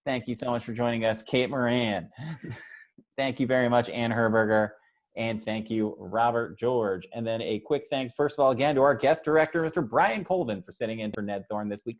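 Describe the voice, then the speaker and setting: A man hosting a panel show over a video call, talking casually with many uhs, stammers and restarts. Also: on the low side. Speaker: host.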